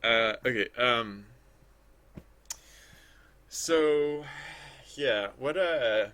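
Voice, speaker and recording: A man's voice: medium pitch, drawn-out words, bright, forceful tone, smooth. A man streaming his game development work, chatting casually and rambling as he thinks aloud. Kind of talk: casual livestream commentary while working.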